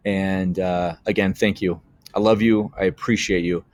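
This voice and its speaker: Earnest low-voiced man teaching tech. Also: fairly even intonation, moderate pace, darkish tone, no room sound, clean studio sound. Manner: earnest and heartfelt, many restarts and fillers. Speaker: educator running a tech tutorial channel. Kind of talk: screen-share software tutorial.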